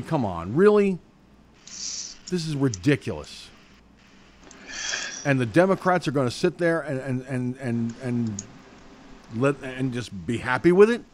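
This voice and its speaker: A man's voice: medium pitch, lively intonation, normal speed, long pauses, darkish tone, slight background noise. A man hosting an online news show, reading news items and then ranting angrily with lots of swearing. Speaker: news commentary host.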